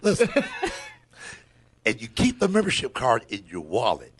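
Husky-voiced comedian grumbling. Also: male voice, mid-range voice, measured pace. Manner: drawling, wry, grumbling, lively with mock voices. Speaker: comedian guest. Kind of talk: comic storytelling on a radio talk show. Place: radio studio.

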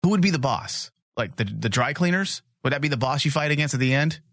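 Quick and expressive, this man's mid-range voice has a slightly bright edge, recorded cleanly in a studio with no echo. He co-hosts a crude comedy podcast, ranting in a brash, joking, mock-macho style.

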